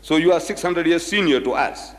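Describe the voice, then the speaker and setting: A man's voice: fairly high pitch, brisk. A man giving a public lecture, telling anecdotes and acting out the quoted dialogue with animation. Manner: animated storyteller who acts out quoted dialogue. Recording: echoey hall reverb.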